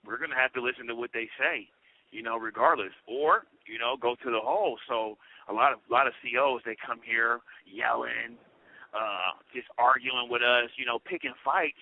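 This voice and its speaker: A man's voice: medium pitch, moderate pace, vocal fry, a little hiss or hum. Man telling prison stories over a tinny phone line. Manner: animated storyteller, peppers talk with "you know". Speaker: guest, incarcerated comedian. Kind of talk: storytelling comedy chat. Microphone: prison phone call.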